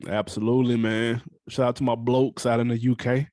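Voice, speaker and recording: A man co-hosting a podcast, talking in a relaxed, rambling way with plenty of swearing. His pitch sits in an ordinary middle range. The sound is dry and close-miked. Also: brisk, no echo. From United States. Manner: laid-back, rambling, profane storytelling. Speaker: podcast co-host. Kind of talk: casual podcast chat.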